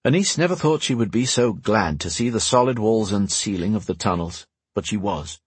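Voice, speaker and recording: A man narrating a fantasy audiobook in a measured storytelling manner, slowing for dramatic moments. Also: lowish voice, expressive, slightly rough, no echo.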